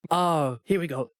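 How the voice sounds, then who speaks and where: A man's voice: on the high side, dry recording, clean studio sound. A man co-hosting a podcast, chatting casually and reading movie quotes aloud with relish, laughing often. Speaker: podcast co-host.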